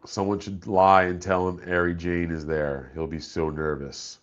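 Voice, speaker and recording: Casting: low, gravelly male streamer, slow, easygoing and profane, on a dull lo-fi mic. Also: steady tone. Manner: profane, laid-back, reads chat aloud. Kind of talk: casual live-stream chat.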